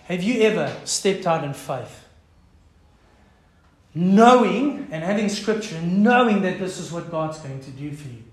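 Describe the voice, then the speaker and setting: South African preacher in an echoing hall. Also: male voice, high-pitched, expressive, a little slow. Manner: impassioned preaching, swinging from loud to hushed. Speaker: pastor. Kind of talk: sermon.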